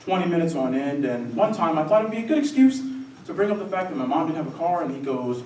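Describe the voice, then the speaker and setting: Young man with a lively comic delivery. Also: a little high, fast talker. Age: young adult. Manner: wry, animated storytelling. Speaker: student solo performer. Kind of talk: comic theatre monologue. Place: theatre stage before a live audience. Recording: roomy stage sound from a distant mic.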